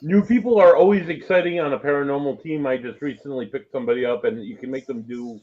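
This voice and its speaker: A man's voice: medium pitch, fast, muffled recording. A man co-hosting a casual show, bantering and teasing his co-host. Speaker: podcast co-host. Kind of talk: casual chat.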